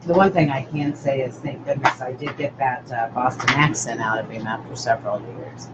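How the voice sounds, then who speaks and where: A woman's voice: extremely low pitch, normal speed. Chatty older woman, dull lo-fi audio. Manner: rambling, chatty, greets viewers by name. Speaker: craft tutorial host. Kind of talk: live-stream crafting chat. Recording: dull lo-fi audio with steady noise.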